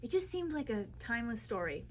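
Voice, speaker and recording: A young actress woman telling chatty, animated stories with fillers at a live cinema Q&A. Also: fairly high pitch, fairly quick, a little hiss or hum. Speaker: actress at a screening Q&A. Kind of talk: live Q&A storytelling. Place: cinema auditorium.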